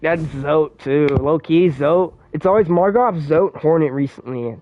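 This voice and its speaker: A man's voice: on the high side, measured pace, lo-fi sound, faint music behind. A young man streaming a game live, rambling in heavy slang and swearing in exasperation as he plays. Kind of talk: live-streamed gameplay commentary.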